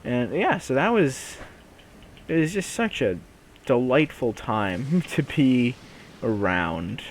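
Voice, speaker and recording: A young man casually telling a funny story on a podcast, in an animated way with lots of laughing and fillers. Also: medium pitch, takes it slowly, slight background noise. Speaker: podcast co-host.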